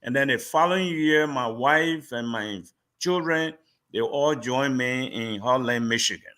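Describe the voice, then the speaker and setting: A man's voice: medium pitch, unhurried, bright, forceful tone. A middle-aged pastor from Liberia, a guest telling his life story in an interview and animatedly acting out the dialogue he recalls.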